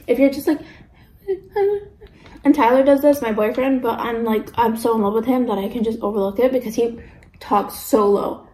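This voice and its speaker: In a casual mukbang vlog, a chatty young woman with a slightly high voice eats while telling animated stories, mimicking other people's voices. She talks at a moderate pace in a noticeably echoey room.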